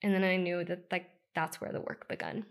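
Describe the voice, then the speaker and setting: A woman's voice: on the low side, steady tone, a little fast. A woman in her thirties from the United States, a podcast guest telling her own story in a casual, candid and emotional way, with many "like" and "you know" fillers.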